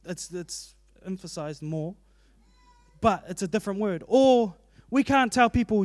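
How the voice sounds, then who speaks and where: High-voiced New preacher, earnest. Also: male voice, animated, moderate pace, dry recording, clean studio sound. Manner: earnest, conversational, personal asides. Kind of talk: sermon.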